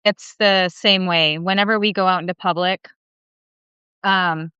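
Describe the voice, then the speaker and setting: A woman's voice: fairly low pitch, steady tone, bright, forceful tone, clear, resonant tone, no room sound. A woman from Michigan's Upper Peninsula chatting casually and candidly, swearing and acting out what people said. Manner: candid, profane, quick to act out quotes. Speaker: live stream co-host. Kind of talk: casual storytelling chat. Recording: slightly dull, lo-fi stream audio.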